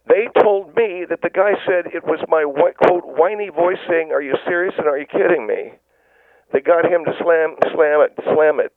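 A man's voice: high voice, gravelly, no room sound. A man playing an indignant middle-aged caller who refuses masks, rambling and stammering through a tinny phone line. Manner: rambling, stammering restarts, whiny disbelief.

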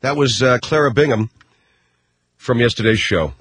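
Wry, husky male radio host. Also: mid-range voice, normal speed, a bit bright, no echo. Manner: wry and chatty, full of fillers. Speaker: radio talk show host. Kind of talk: comic talk radio hosting. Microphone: studio microphone.

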